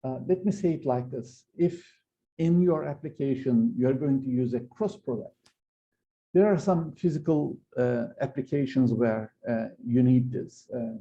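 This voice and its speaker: In a slightly dull, lo-fi recording, a man delivers a university physics lecture, working step by step but hesitating often, using many fillers and restarting sentences. His voice is medium-pitched, unhurried and dark in tone.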